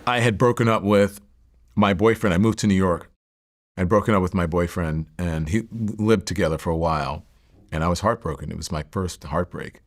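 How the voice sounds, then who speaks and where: A middle-aged man as an interview guest, candidly telling personal stories in a reflective, halting way with many fillers and restarts. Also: deep voice.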